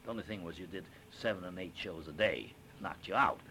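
An older man and stage actor, recounting an anecdote in an interview as an animated storyteller who acts out quotes with frequent fillers. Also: low voice, fairly quick, a little hiss or hum.

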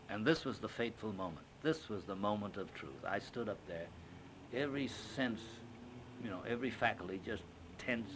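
An older man with a low voice tells a theatre story in an interview. He is animated and acts out the lines he quotes, with plenty of "uh" and "you know" along the way. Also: normal speed, over music. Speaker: interviewee, stage actor. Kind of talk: reminiscing anecdote in an interview.

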